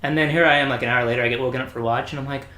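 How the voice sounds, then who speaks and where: Laughing storyteller man in an echoey room. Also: rapid-fire. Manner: animated, laughs often, jumps into high pitch for quoted voices. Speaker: podcast co-host telling stories. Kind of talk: casual storytelling chat. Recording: roomy echo.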